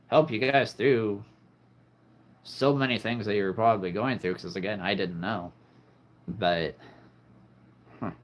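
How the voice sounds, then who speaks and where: A man hosting a live stream, talking to his viewers in an earnest, heartfelt, reflective way. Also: fairly low pitch. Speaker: livestream host.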